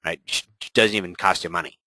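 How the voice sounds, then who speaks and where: A man coaching real estate agents in a webinar, energetic and often checking in with "right?". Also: deep voice, fairly quick, no echo, rough recording. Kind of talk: webinar presentation.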